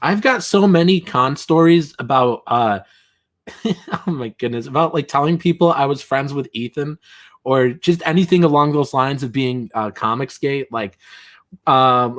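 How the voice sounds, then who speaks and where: A man's voice: on the high side, normal speed. A man hosting a casual livestream, rambling and chatty, full of fillers and chuckles. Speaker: livestream host.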